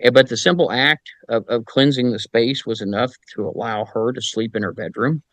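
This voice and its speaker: Man, middle-aged, casual storyteller, animated, mid pitch, dry podcast mic. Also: normal speed, dry recording. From Indiana, US. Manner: animated anecdotes, acts out quoted voices; frequent fillers and restarts. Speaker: paranormal investigator guest.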